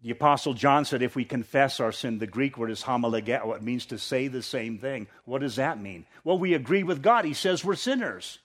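A man preaching a sermon, reading scripture with rising intensity and dropping to quiet asides, often repeating words as he restarts. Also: animated, a little fast, few pauses. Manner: preaching, rises in pitch and force when reading scripture, drops low for asides. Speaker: pastor.

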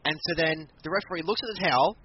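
Animated man recapping wrestling, lo-fi. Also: fairly high pitch, fast talker. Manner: animated storytelling, acts out quotes. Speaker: wrestling podcast co-host. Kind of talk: casual chat recapping matches. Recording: muffled lo-fi audio with background noise.

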